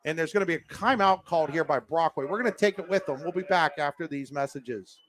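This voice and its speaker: Man, high voice, play-by-play announcer, live high school football, excitable calls, lots of fillers. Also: fast.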